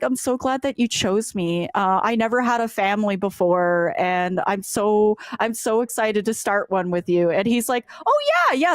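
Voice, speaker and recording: A woman's voice: a little high, no echo. A woman co-hosting a casual game review chat, animatedly retelling scenes and acting out characters' lines, swearing now and then. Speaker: podcast co-host.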